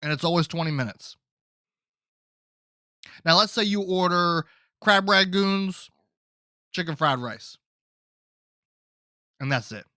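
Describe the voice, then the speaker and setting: A man hosts a casual solo podcast, telling rambling stories straight to his listeners. He speaks slowly in a bright, forceful voice, and the sound is dry and close. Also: high voice, no echo. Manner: loose, rambling storyteller who addresses listeners as folks. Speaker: podcast host.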